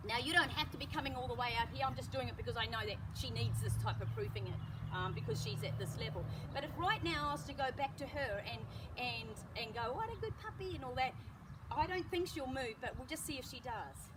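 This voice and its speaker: A woman dog trainer talks through a training demonstration in a calm, explaining way, breaking into high praise for the dog. Her voice sits high and is picked up from some distance. Loud outdoor noise runs underneath. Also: brisk.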